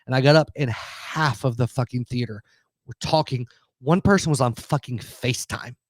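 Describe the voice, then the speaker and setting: A man's voice: mid-range voice, normal speed, dry recording, clean studio sound. A man, telling a heated, profanity-laced story in casual podcast chat. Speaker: podcast co-host.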